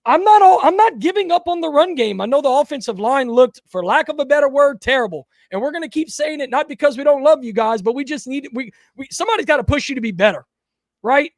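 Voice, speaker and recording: A man's voice: very high-pitched, lively intonation, fast talker, no room sound, clean studio sound. A man, co-hosting a casual sports talk podcast, emphatic and repeating himself when fired up. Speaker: podcast co-host.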